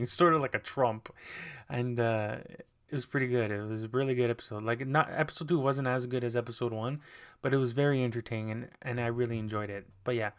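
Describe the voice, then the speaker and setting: A man's voice: mid-range voice, steady tone, brisk. A man hosting a podcast, recapping TV episodes in a loose, rambling way with lots of fillers and restarts. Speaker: podcast host.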